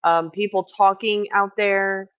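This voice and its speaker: A woman who works as a camp medic, retelling a clash in casual chat, swearing freely and talking fast when heated. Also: medium pitch, fairly even intonation, clear, resonant tone, lo-fi sound. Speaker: house medic at a streamed camp.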